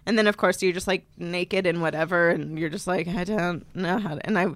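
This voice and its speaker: A woman co-hosting a podcast, telling a story in casual chat and acting out the people she quotes in higher voices. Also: fairly even intonation, a little fast, no echo. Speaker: podcast co-host. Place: podcast studio.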